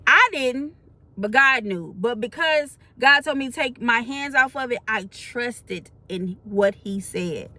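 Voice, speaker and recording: A woman in her forties with a fairly high voice tells a personal faith testimony. Her talk is loose and colloquial and stays earnest throughout. At times it rises into plain preaching. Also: animated, slow pace, pushed and bright, dry recording. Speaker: faith vlogger. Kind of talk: spoken testimony to camera.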